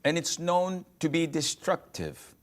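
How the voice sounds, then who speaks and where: A man giving a religious lecture, speaking haltingly in a clip that is played back. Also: a little high, big pitch swings. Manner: slow, halting delivery.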